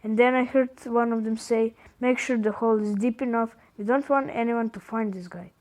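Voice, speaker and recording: A man with a Croatian accent reading the texts of a frightened young woman lost in dark woods, in a panicky, breathless way. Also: very high-pitched, fairly even intonation, normal speed. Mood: panicked.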